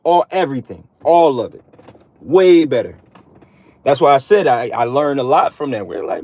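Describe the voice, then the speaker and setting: A man's voice: medium pitch, animated, moderate pace, darkish tone, no room sound. Man, streetwise self-styled preacher, profane and repetitive, dry close sound. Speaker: online preacher addressing men. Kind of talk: casual preachy monologue.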